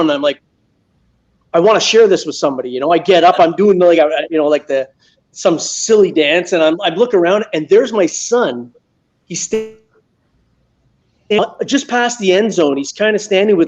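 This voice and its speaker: Canadian man, guest detectorist, animated storyteller, high pitch, muffled call audio. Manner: animated storyteller, acts out his own yelling. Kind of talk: casual storytelling on a live stream.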